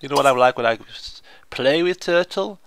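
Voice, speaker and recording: A man giving chatty, excitable commentary on a video game, often laughing and exclaiming. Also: medium pitch, normal speed, clean tone, no room sound. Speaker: gaming video host. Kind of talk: let's play commentary.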